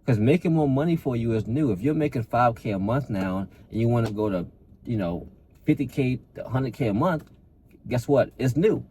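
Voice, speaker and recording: A man's voice: mid-range voice, expressive, normal speed, dark tone, slight background noise. A man, a fitness coach, giving a blunt, profane, repetitive motivational talk to camera and calling the listener bro.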